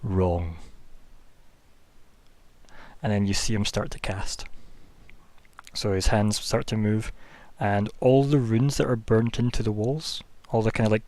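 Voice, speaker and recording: A man's voice: on the low side, a little mellow, no room sound. A man narrating as game master of a tabletop game, rambling through scene descriptions with lots of fillers.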